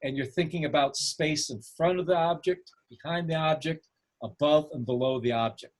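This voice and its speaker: A man with a somewhat raised pitch teaches photo composition on a video call. He keeps putting questions to his class and praises their answers. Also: normal speed. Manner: asks the class questions, encouraging.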